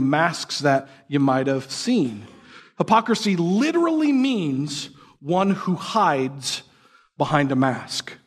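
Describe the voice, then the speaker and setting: A young man with a fairly high voice preaches a sermon in an easygoing, conversational way. He asks his listeners rhetorical questions and slips into quick mock voices of the people he describes. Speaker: pastor.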